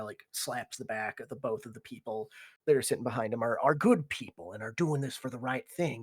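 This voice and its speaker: A game master voicing a stern, righteous male biker gang leader in a tabletop game, speaking in a measured, lecturing way. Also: medium pitch, husky, dry recording, pitched below the performer's own voice. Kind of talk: tabletop role-play character voice.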